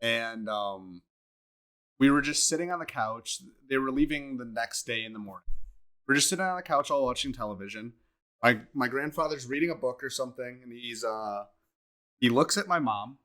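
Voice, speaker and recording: A young man, a student co-hosting a podcast, telling a family story in a quiet, deadpan way. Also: medium pitch, normal speed. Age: young adult. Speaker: podcast co-host. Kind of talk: casual chat.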